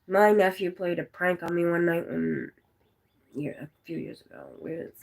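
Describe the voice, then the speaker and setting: A woman's voice: fairly low pitch, moderate pace, gravelly, a little mellow. A woman in her forties from the United States, chatting casually on a live stream, rambling through stories and answering viewers' comments. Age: 40s.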